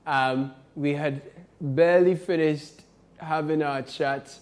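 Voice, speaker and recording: A man hosting a satire show in a high, bright-pitched voice. He talks slowly and playfully, laughing between his jokes and breaking into mock shouts. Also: animated. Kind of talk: comic satirical commentary.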